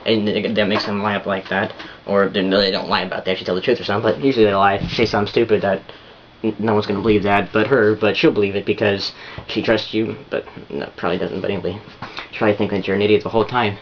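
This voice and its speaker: A man's voice: fairly low pitch, little pitch movement, fast talker, muffled recording, slight background noise. A man giving relationship advice in a rambling, repetitive casual monologue full of restarts.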